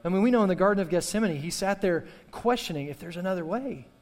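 Impassioned preacher in a reverberant hall. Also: male voice, sits high, lively intonation, fast, darkish tone. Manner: impassioned preaching with repetition and call-and-response. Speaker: pastor. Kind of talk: sermon.

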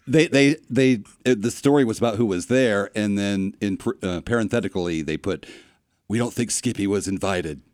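A man's voice: fairly low pitch, normal speed, a little mellow, dry recording, studio quality. A man hosting a radio show, chatting casually with an easygoing manner and short agreeing replies. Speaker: radio host. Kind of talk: casual radio interview chat.

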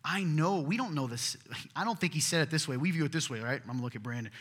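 Bright-voiced male pastor in an echoing hall. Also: fairly high pitch, lively intonation, quick pace, few pauses, breathy edge. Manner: earnest, conversational preaching that swings from loud to hushed. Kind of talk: sermon. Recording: long reverb of a large hall.

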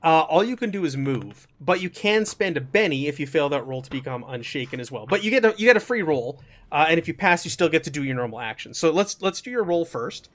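A man's voice: a little high, expressive, fast talker, a bit bright. A man as game master of a tabletop game, chatty, explaining rules and narrating scenes with frequent laughter.

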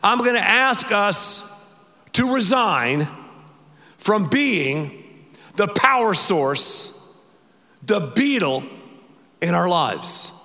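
Male pastor, bright high voice, emphatic and repetitive, big hall reverb. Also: very animated, very slow, pauses often. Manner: emphatic, repetitive preaching, leads the congregation in call-and-response. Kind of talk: sermon.

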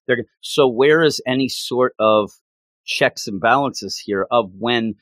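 A man co-hosting a casual chat, animated, laughing often, and trailing off and restarting his sentences. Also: mid-range voice, unhurried, dry recording.

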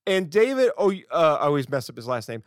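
A man's voice: fairly high pitch, very animated, fast, dry recording, clean studio sound. A man from the United States co-hosting a casual film podcast, ranting emphatically with sarcastic asides. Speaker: podcast co-host.

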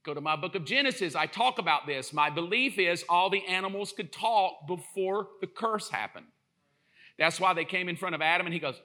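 High, bright-voiced animated preacher. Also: male voice, brisk. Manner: animated, joking storyteller who acts out quotes. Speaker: pastor. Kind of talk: sermon.

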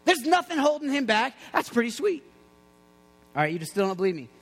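A man with a high voice preaching a lively, jokey sermon, tossing out playful asides as he goes. His voice rings with the long reverb of a large hall. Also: a little fast.

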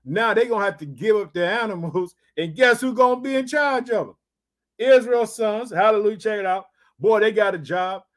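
High-pitched fervent male preacher. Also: normal speed. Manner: fervent, repetitive call-outs like "did you hear that"; reads scripture aloud then exhorts, shifting loudness. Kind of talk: sermon.

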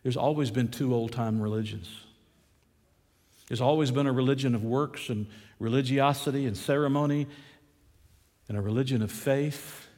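A male pastor preaching an impassioned sermon, telling a story dramatically with big swings in pitch and loudness. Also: moderate pace, pauses often, in a large hall. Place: church.

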